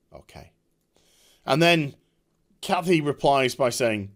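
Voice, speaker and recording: A man's voice: mid-range voice, expressive, measured pace, a bit bright. A man ranting in a vlog, heated, scornful and profane. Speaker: online commentator. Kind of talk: angry rant vlog.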